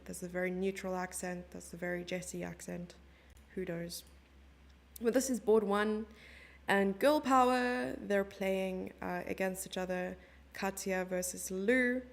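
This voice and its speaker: A young South African woman with a lowish voice and vocal fry commentates a live chess stream. She's chatty and giggly, reading chat messages aloud as she talks casually with viewers.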